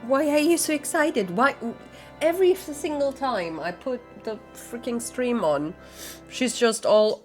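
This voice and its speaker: A woman's voice: a little high, expressive, a little slow, faint music behind. A young woman streaming a game at home in casual, giggly chat, using baby talk with her dog.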